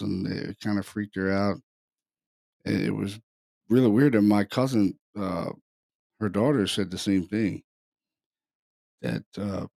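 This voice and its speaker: A man, a podcast host, tells a paranormal experience in a halting, conversational way, repeating words as he goes. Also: lowish voice, darkish tone, no echo, studio quality. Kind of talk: casual storytelling.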